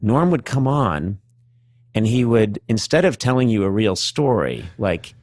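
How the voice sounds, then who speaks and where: A man's voice: fairly low pitch, a little slow, no room sound, clean studio sound. A man, a talk show host, telling an anecdote and acting out the voices of the people in it. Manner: lively, acts out voices while telling anecdotes. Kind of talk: casual anecdote.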